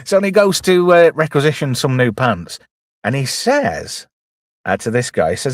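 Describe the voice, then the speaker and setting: A man's voice: medium pitch, big pitch swings, normal speed, no room sound. Man, middle-aged, chatty and jokey, film commentary, dry close-miked sound. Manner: chatty, jokey, quotes characters in put-on voices. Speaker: host. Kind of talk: casual movie commentary with live chat.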